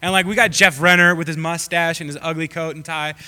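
A man's voice: on the high side, fairly even intonation, fairly quick, sharp tone, clear, resonant tone. Young guy pastor joking around mid-sermon, rambly, lots of um and like, long hall echo. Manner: rambling and jokey with many fillers.

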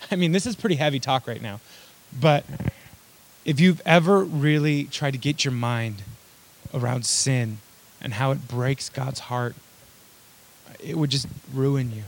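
Young male pastor, casual sermon delivery, loose and joking, mid-pitched. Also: measured pace, long pauses, a little hiss or hum. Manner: conversational, joking asides, many fillers.

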